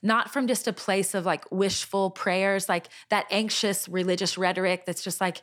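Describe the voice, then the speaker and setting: A middle-aged woman telling a personal faith story in conversation, earnest and animated, with many fillers and restarts. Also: medium pitch, unhurried. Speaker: Christian singer sharing a testimony.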